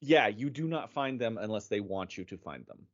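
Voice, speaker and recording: A man co-hosting a podcast, chatting casually, agreeable and quick to laugh. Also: fairly low pitch, expressive, highs cut off. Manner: supportive, frequent laughs and short agreements. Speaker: podcast co-host. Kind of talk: casual chat.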